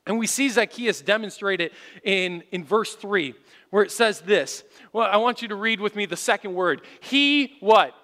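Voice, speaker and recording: A male pastor preaching a sermon in a church, telling stories with animation and rising to shouts for emphasis. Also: high voice, moderate pace. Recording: long hall reverb.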